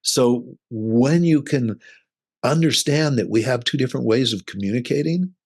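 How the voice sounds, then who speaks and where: A man's voice: medium pitch, normal speed. A middle-aged man, a relationship coach, talking earnestly in an interview and explaining his ideas with acted-out examples. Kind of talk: casual interview conversation.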